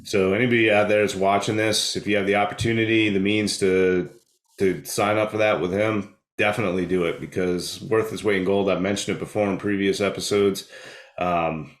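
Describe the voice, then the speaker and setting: A man's voice: fairly low pitch, steady tone, a little fast. A man co-hosting a casual podcast, chatting with profane, laughing banter. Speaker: podcast co-host. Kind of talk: casual chat. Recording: roomy echo.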